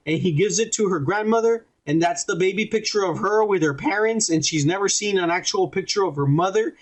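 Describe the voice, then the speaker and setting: A man hosting a podcast, retelling a TV episode in a casual, rambling, profane way and putting on quick voices for the characters. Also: high-pitched. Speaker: podcast host reviewing a TV episode.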